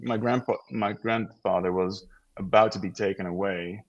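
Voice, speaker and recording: Brief: a relaxed male guest from the Netherlands, Dutch native, lower voice, slightly muffled audio. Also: normal speed. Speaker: actor guest. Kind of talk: casual interview chat.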